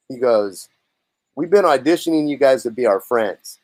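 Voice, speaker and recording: A man telling a long story in a relaxed interview, slipping into quick voices for the people he quotes. His voice sits at an ordinary pitch, and the sound is dry and close with no room echo around it. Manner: animated storyteller, acts out others' lines. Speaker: lead singer and songwriter, guest.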